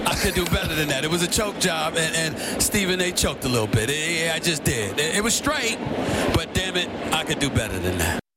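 A man hosting a sports talk show, emphatic and repeating himself for effect. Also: fairly high pitch.

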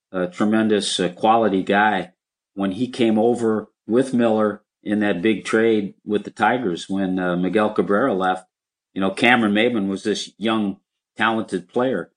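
Older man, low-pitched, slightly hoarse, rambling reminiscences, interview guest. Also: steady tone, normal speed. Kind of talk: casual interview chat.

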